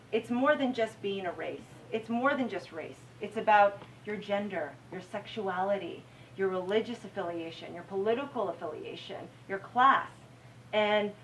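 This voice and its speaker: An American woman, a TV news anchor, giving an animated talk to students and acting out her own reactions. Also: mid-range voice. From United States. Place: university lecture room. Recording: slightly distant mic, faint room noise.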